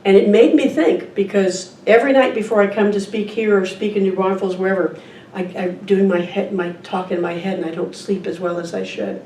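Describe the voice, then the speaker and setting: This guest speaker at a church service has a warm, mid-range voice with fairly even intonation and a brisk pace. Her informal sermon includes a picture book read aloud and conversational questions for the audience. The recording has a little hiss or hum, an echoey room, a distant mic and faint ambience.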